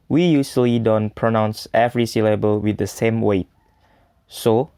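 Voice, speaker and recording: Young male student presenter, Indonesian native speaker, gravelly voice, slow steady reading. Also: medium pitch. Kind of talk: read-aloud class presentation.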